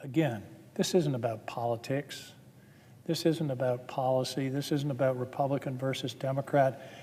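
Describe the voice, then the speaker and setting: A man's voice: mid-range voice, steady tone, moderate pace, warm tone, a little hiss or hum. A man, a senator, giving a formal floor speech with earnest, building emphasis. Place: legislative chamber. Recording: long reverb of a large chamber.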